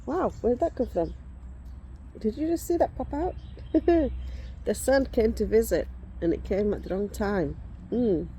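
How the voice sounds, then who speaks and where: A woman's voice: on the high side, animated, a little slow, pauses often, dark tone, a little hiss or hum. A woman in her forties chatting casually outdoors as a vlogger, rambling and breaking off to shoo insects. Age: 40s. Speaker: vlogger showing reborn dolls. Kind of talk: casual chat. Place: outdoors in the sun.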